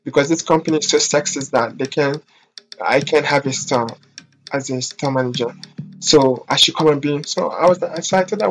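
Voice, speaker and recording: A man's voice: on the high side, moderate pace, soft background music. Sassy profane man telling a storytime. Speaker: vlogger, hairstylist. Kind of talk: storytime vlog.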